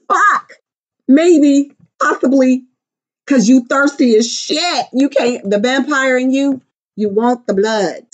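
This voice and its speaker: Woman, middle-aged, tarot reader, casual, brash, profane, playful, fairly high voice. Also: takes it slowly. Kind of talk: casual tarot reading monologue.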